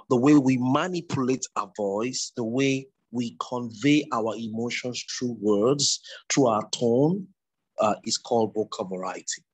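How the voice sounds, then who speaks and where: A man lectures on public speaking over an online class. His voice is somewhat husky at a middling pitch, and he circles back to repeat his points for emphasis. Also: rough recording.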